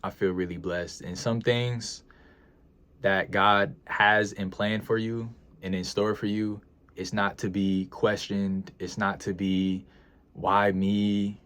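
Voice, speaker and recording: A young man with a very low voice speaks casually to his audience. He is earnest and emotional, sighing and hesitating, and he circles back over his own words as he reflects. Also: flat delivery, takes it slowly, a bit bright, clean tone. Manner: earnest, emotional, repeats himself, sighs and hesitates. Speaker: freelance video editor vlogger. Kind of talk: reflective casual vlog talk.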